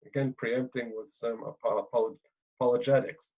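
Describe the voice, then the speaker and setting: A man explaining scripture at a mid-range pitch, working his thoughts out aloud with frequent pauses and fillers. He leans on little "right?" tags to keep his listeners with him. The sound is dull and lo-fi, like an older lecture recording. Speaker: Bible lecturer.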